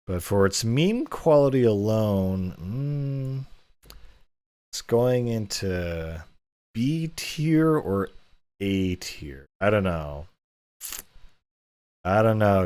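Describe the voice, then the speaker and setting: A man's voice: lowish voice, a little mellow. A man casually reviewing and ranking books, rambling with frequent fillers and chuckles. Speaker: book reviewer. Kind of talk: casual commentary.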